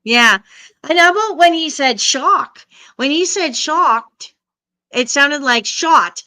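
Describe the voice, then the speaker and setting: A woman's voice: high voice, animated, normal speed, bright, forceful tone. A middle-aged woman hosting a casual live stream, chatting and answering viewers' comments.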